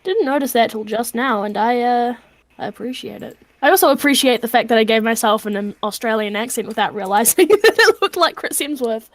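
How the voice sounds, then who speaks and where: Playful woman player, fairly high and giggly, dry close recording. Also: lively intonation, fairly quick, no room sound. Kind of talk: casual tabletop game play.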